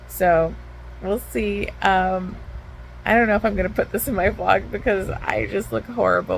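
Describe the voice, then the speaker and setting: A woman's voice: medium pitch, fairly even intonation, normal speed, vocal fry, slight background noise, low-quality recording. A woman book vlogger at home, giving a candid, heated retelling of a novel in a casual reading vlog, with lots of "like.".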